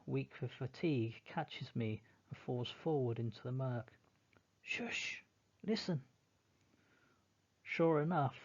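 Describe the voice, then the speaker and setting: A man narrating a novel in the first person, in a slow, measured, mournful reading. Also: mid-range voice, a little mellow, muffled recording.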